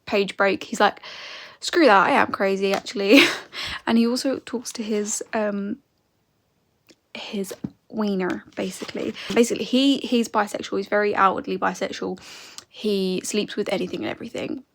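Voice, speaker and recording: Giggly woman, husky voice. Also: mid-range voice, fairly even intonation, normal speed. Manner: chatty and giggly, with frequent soft whispered asides. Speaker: book vlogger. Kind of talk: casual reading vlog chat.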